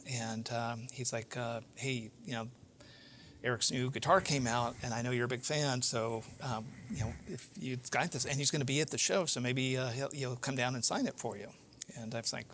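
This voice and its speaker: Male podcast host, mid-pitch, relaxed storyteller full of "uh"s and restarts, faint background hiss. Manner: animated anecdote-telling with many fillers and restarts. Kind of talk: casual storytelling in an interview.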